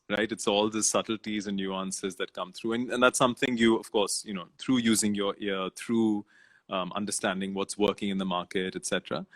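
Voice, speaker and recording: A man in his thirties, a voice-over artist, talking casually and reflectively in an interview, laughing easily. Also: on the low side. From India. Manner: relaxed, reflective, laughs easily, says "man" and "you know".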